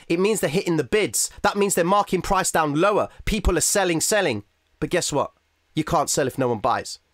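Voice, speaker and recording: A man hosting a live trading stream, excitedly talking through the charts and addressing his viewers directly. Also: sits high, no room sound, studio quality. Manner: excitable, talks fast to the audience as "ladies and gentlemen". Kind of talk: live market commentary.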